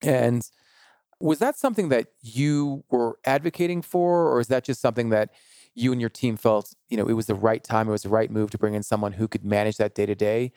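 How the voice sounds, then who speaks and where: A man hosting an interview, asking long, measured questions with several parts. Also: medium pitch, darkish tone, smooth, no room sound, studio quality. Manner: measured, asks long multi-part questions. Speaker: interview host.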